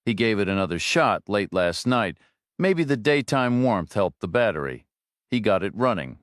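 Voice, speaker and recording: A man voicing a courteous male motel owner, speaking in a measured, accommodating way. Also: lowish voice, sing-song, dry recording, studio quality.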